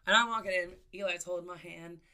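A woman co-hosting a podcast, telling a story in casual chat, animated, swearing and laughing as she acts out the people in it. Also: fairly low pitch, fast talker. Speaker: podcast co-host.

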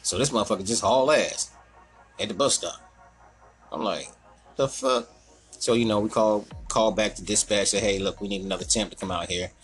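A man telling a long, profane work story in casual chat. He acts out the other people in a higher voice. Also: fairly quick, faint music behind.

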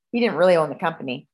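A woman on a video call telling a personal story in a heated, profane, animated way. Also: low voice, poor audio. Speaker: guest.

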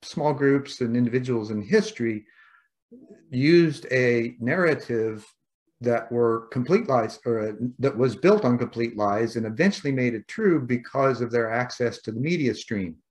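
A man's voice: medium pitch, expressive, normal speed, darkish tone. Reflective, philosophical man in conversation. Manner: reflective and philosophical, repeats words, coins terms.

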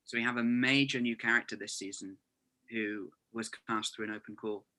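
A man's voice: lowish voice, fairly even intonation, fairly quick, bright, forceful tone. A man in his twenties, an actor, chatting as a podcast guest in an earnest way, often saying "you know". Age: 20s. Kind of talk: casual chat. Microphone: remote call.

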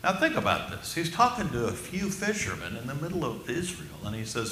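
A male pastor preaches a sermon in a bright, forceful, medium-pitched voice, very animated and emphatic. He slows way down to stress key phrases and puts questions to the congregation. The audio is roomy, with faint ambient murmur and a little hiss or hum.

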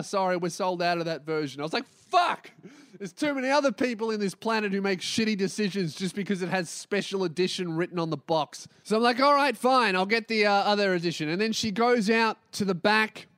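Young podcast host, high voice, animated, acts out every line of dialogue. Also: male voice, brisk, no room sound, clean studio sound. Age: 20s. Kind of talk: comedic storytelling.

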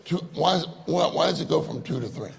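Gravelly-voiced male preacher, chatty and joking. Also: on the high side, expressive, a little fast. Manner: chatty, joking, laughing with the audience. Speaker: conference speaker. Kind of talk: conversational sermon with audience banter.

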